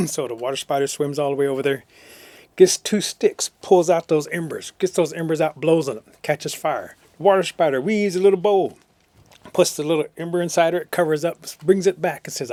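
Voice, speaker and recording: A man from the Cherokee Nation in Oklahoma telling a traditional tale in a rhythmic way, slowing down for emphasis. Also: a little high, darkish tone, no room sound. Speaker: traditional storyteller. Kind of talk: oral storytelling.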